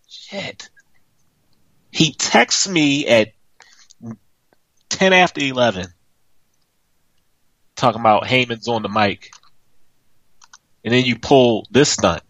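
A man's voice: medium pitch, slow pace, long pauses, a bit bright, dry recording, low-quality recording. A man hosting a podcast, ranting in exasperation, swearing and laughing as he waits for his co-host. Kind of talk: profane comedic podcast rant.

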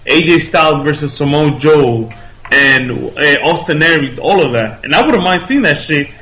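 A man's voice: on the high side, animated, moderate pace, sharp tone, poor audio. A man co-hosting a casual chat, rambling and arguing his point with some swearing.

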